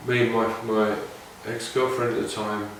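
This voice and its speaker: A man's voice: on the low side, little pitch movement, moderate pace, slight background noise. A man telling casual, meandering anecdotes in a reflective way. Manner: meandering, reflective, with many restarts. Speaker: didgeridoo player sharing stories. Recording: very echoey room, mic far off.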